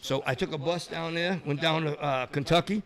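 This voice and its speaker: Middle-aged man, high voice, animated storyteller, mimics voices, podcast guest. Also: fairly quick, gravelly. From Massachusetts. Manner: animated storyteller, acts out other people's voices. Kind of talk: storytelling in a casual chat.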